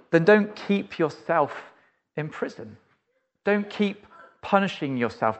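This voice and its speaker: In a muffled recording, a man preaches through a vivid story, speaking to the listener directly. His voice often falls to a soft, low, beseeching register.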